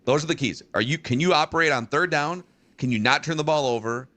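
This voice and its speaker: A man hosting a sports podcast, thinking out loud in a measured way with frequent restarts. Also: a little high. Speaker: podcast host. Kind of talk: sports talk analysis.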